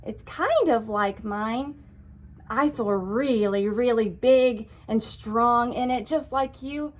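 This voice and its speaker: A woman's voice: on the high side, takes it slowly. A woman voicing an earnest young male pig in a storybook, breathless, gasping and wide-eyed. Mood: worried. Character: young male pig who lost his tail, earnest and excitable.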